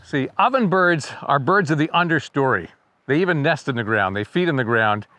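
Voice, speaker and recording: A man's voice: a little high, expressive, normal speed, pushed and bright, no room sound. Chatty man guiding birders, wry humor. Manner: chatty and wry, imitates birdsong by voice. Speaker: birding guide and video host. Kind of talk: casual educational video narration.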